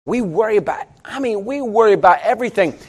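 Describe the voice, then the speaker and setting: A middle-aged man preaching a sermon in a conversational, joking way, with sudden loud outbursts. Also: sits high, lively intonation, fast talker. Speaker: pastor.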